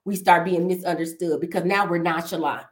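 Emphatic woman host with a lower voice. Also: steady tone, fairly quick. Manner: emphatic, repetitive, builds points step by step. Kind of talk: faith-based talk, preaching tone.

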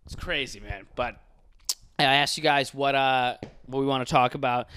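A man's voice: medium pitch, moderate pace, sharp tone, smooth. A man delivering a profane, exaggerated, mock-serious comedic rant. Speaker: comedic commentator.

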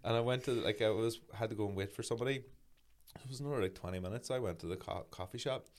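A man in his thirties spins a sweary, lively anecdote in relaxed podcast chat. His voice sits a little low. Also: fast talker. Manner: sweary, animated anecdote-telling. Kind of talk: casual storytelling chat.

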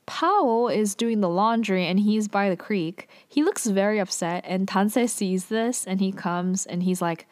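A woman's voice: mid-range voice, lively intonation, unhurried, darkish tone. A woman giving a casual, chatty recap of a TV drama episode, sprinkling her talk with "like" and fillers. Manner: chatty, heavy use of "like" and filler.

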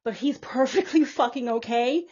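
A woman's voice: sits high, moderate pace, darkish tone, muffled recording, slight background noise. A woman delivering an impassioned, profane preaching monologue as a self-styled prophetess, emphatic and repetitive.

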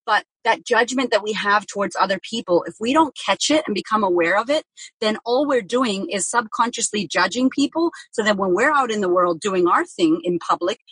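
Blunt, swearing mum. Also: female voice, mid-range voice, normal speed, slightly rough, no echo, rough recording. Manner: blunt, profane, animated storytelling with acted quotes. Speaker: parenting guest. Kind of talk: candid podcast conversation.

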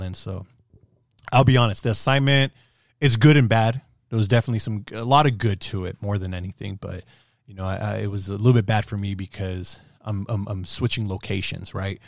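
A man's voice: lowish voice, steady tone, a little fast, dry recording, studio quality. A man in his thirties hosting a podcast, chatting casually with a friend, laid-back, swearing a lot and laughing often. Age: 30s. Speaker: podcast host. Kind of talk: casual chat.

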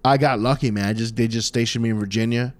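A young man spins a long, loose story for his podcast co-hosts, swearing often and circling back on himself. His voice sits at an ordinary middle pitch. The sound is dry and close, with no room around it. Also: fairly even intonation, fast talker, no echo. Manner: rambling, profane, restarts and trails off. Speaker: podcast co-host. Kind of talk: casual storytelling chat.

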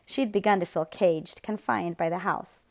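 A woman reading an audiobook in a measured, even storytelling manner. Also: on the low side, creaky. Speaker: audiobook narrator. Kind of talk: scripted narration.

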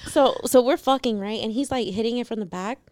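A woman's voice: a little high, fairly quick, a little mellow, no echo, studio quality. A woman with a New York accent, a comic guest chatting frankly on a podcast and telling stories with bursts of laughter. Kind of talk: casual podcast chat.

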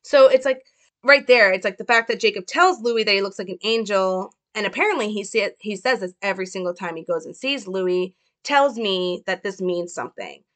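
A young woman film commentator casually analyzes a film, chatty, hedging and full of fillers. Her voice is medium in pitch and a bit bright, at a moderate pace.

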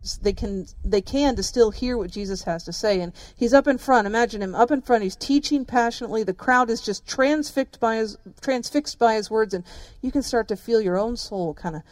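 A woman's voice: a little high, a little fast, a little mellow, no room sound. A woman pastor preaching a sermon, telling the story vividly and speaking directly to her listeners.

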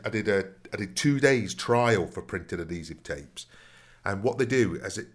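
Rambling man, lowish voice. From Nottingham, England. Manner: rambling storyteller, often says "you know what I mean". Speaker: podcast co-host. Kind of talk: casual anecdotal chat.

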